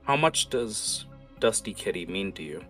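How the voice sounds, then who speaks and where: A glum, hollowed-out man, voiced by a man running a tabletop game talks softly and haltingly. The voice sits low and muted. Faint music hums underneath. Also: big pitch swings, exaggerated voice. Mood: gloomy. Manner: soft, subdued, hesitant.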